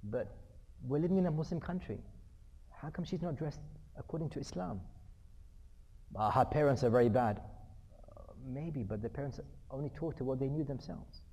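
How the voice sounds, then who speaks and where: Mellow-voiced man giving a parenting talk. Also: on the high side, a little fast, husky. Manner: acts out everyday family dialogues, repeats key points. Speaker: speaker on parenting. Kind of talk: conversational lecture.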